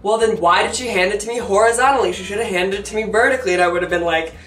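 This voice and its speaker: A young woman vlogger telling a funny personal story in a chatty, animated way, with many fillers, often laughing at herself. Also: medium pitch, very fast. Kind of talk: casual storytelling to camera. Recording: roomy sound from a distance with faint music.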